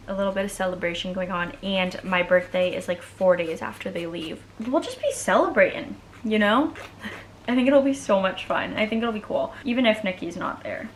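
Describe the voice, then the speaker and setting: A woman's voice: fairly low pitch, a bit bright, a little hiss or hum. A young woman vlogging at home, chatting casually and bubbly, saying "like" a lot while she does her nails. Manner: chatty, bubbly, heavy use of "like".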